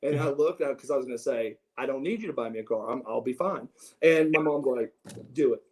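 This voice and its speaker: A middle-aged man telling stories from his youth in a casual interview, animated and prone to restarts as he acts out what others said. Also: medium pitch, a little fast, low-quality recording. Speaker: interview guest. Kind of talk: casual storytelling.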